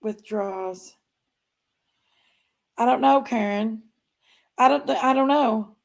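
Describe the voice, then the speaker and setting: This woman runs a true crime channel and chats casually to her livestream viewers, tending to trail off and repeat herself. Her voice is fairly high, gravelly, and slow.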